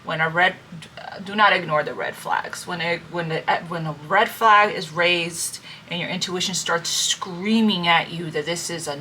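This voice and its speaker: A woman with a lowish, bright, forceful voice gives a casual tarot reading. She talks earnestly and repeats her points, calling her listeners family and checking in often. A faint hiss of room noise sits under her voice. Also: a little slow. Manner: earnest, repetitive, checks in with "okay?" and "right?". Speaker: tarot reader. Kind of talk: casual spiritual advice monologue.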